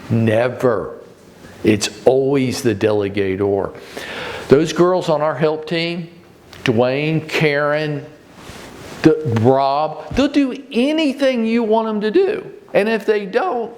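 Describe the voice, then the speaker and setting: A man in his fifties, a real estate broker giving a blunt motivational training talk to his agents in short punchy sentences. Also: darkish tone. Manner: blunt and emphatic, leaps up in pitch to stress points; speaks directly to the audience, often with short punchy sentences.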